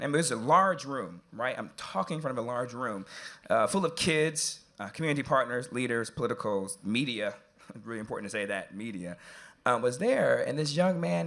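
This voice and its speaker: A man with a somewhat high, bright, forceful voice tells a story at a live event as its moderator. He is animated and jokey, then quiets down and turns earnest.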